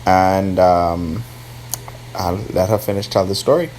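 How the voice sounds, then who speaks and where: A young man with a fairly low voice tells a personal story. His delivery is casual and unhurried, full of small asides. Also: slight background noise. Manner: relaxed, conversational, with fillers and asides to the baby. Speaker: partner telling a birth story.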